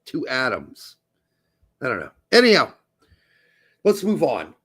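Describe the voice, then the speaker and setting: A man's voice: medium pitch, huge pitch swings, measured pace, a bit bright, husky. A man co-hosting a casual soccer podcast, blunt and crude, talking emphatically. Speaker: podcast co-host.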